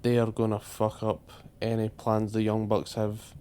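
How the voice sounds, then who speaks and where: A man's voice: lowish voice, monotone, measured pace, dark tone, clean tone. A man co-hosting a wrestling podcast, teasing his co-host in casual chat.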